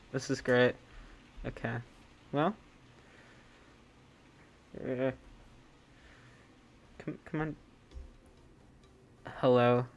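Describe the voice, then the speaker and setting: Game streamer, mid-pitched, unhurried, rambling self-mocking jokes. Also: slight background noise. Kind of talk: casual live-stream chat.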